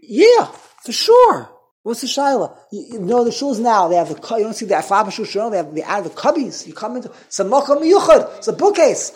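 A man's voice: high voice, big pitch swings, quick pace, hardly any pauses, slightly rough. A man teaching an informal Torah class, chatty and rambling, often restarting his sentences. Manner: rambling, self-interrupting, frequent restarts. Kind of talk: informal Torah lecture to a small group.

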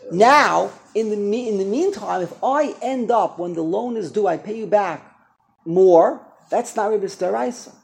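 A man teaching a Torah class, animated and lecturing, often repeating and restarting his phrases. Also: high-pitched, unhurried, creaky.

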